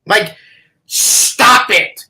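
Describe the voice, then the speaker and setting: A woman's voice: very slow, bright, forceful tone, distant mic, rough recording. A woman in her thirties, co-hosting a podcast, ranting in a profane, exasperated way. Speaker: podcast co-host. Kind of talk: casual podcast chat.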